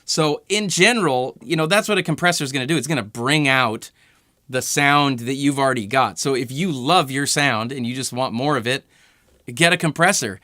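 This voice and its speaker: Man, guitar pedal demo host, bright tone, dry close mic, relaxed and chatty. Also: mid-range voice, moderate pace, no echo. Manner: relaxed, conversational, many fillers. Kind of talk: casual gear demo talk.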